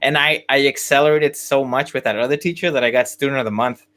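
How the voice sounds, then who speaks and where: A man's voice: medium pitch, steady tone, fast, fairly bright tone. A young man hosting a podcast, telling a story in casual chat with many fillers and restarts. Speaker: podcast host.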